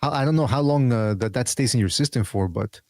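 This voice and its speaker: A man's voice: mid-range voice, a little fast, darkish tone, dry recording. A man hosting a casual podcast panel chat, rambling and restarting his sentences with many fillers. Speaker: podcast host.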